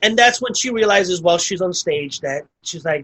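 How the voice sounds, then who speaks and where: A man with a bright, slightly high voice, talking casually through a movie plot on a podcast. He rambles, circles back, and fills his sentences with "like" as he goes. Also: lively intonation, fairly quick, poor audio. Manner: rambling, full of "like" and restarts. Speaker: podcast co-host. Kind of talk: casual movie review chat.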